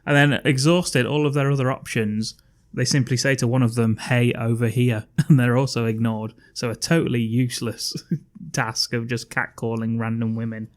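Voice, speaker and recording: Amused podcast co-host. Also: male voice, mid-range voice, fairly even intonation, normal speed. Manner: amused, laughing while retelling scenes. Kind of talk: casual chat recapping a film.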